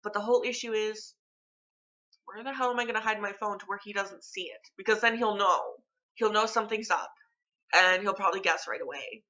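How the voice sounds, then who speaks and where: A woman's voice: mid-range voice, brisk, pushed and bright, muffled recording. A young woman vlogging at home, chatting casually and rambling with lots of filler words. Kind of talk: casual chat to camera. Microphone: phone camera.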